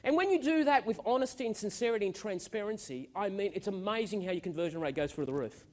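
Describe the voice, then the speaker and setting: A man's voice: sits high, lively intonation, quick pace. A man giving a motivational keynote speech on stage, telling stories with energy and emphasis. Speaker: keynote speaker. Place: stage at a live event.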